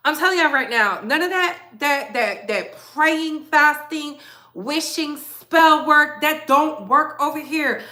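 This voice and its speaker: A woman's voice: sits high, lively intonation, slow, pushed and bright. A woman hosting a gossip commentary vlog, blunt, emphatic and sassy in her opinions.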